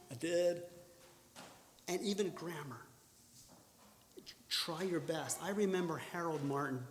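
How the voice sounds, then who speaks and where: A man's voice: fairly high pitch, a little hiss or hum. Earnest man teaching in an echoey church hall. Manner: earnest, self-correcting with many restarts and bursts of emphasis. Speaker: church speaker teaching public speaking. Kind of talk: instructional church talk.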